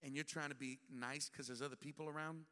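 A man's voice: fairly high pitch, steady tone, fast talker, sharp tone. A male bishop preaching a sermon, telling the story with humor and acting out the scenes. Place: church sanctuary. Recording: long church hall reverb.

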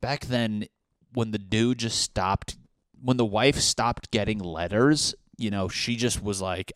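A young man with a deep, low voice rambles through a crude comic bit, swearing often and slipping into goofy voices for the people in his story. The sound is dry and close, with no room around it. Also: steady tone, fairly bright tone, no room sound. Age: young adult. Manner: acts out characters in quick silly voices, swears a lot. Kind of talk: casual comedic riffing.

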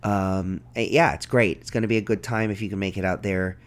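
A man's voice: sits low, steady tone, fairly quick. A man hosting a soccer podcast in a casual, upbeat and welcoming way. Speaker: podcast host.

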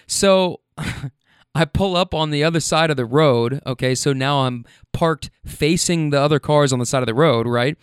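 A man working as a rideshare driver, telling stories in an animated way, swearing freely and using plenty of fillers. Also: on the high side, moderate pace, smooth, no echo, studio quality. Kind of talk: casual storytelling.

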